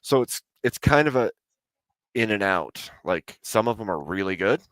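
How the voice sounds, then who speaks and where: A man's voice: lowish voice, animated, normal speed, fairly bright tone, no echo. A man from the United States streaming late at night, talking in a laid-back, rambling way with lots of likes. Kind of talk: casual late-night chat. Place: home streaming setup.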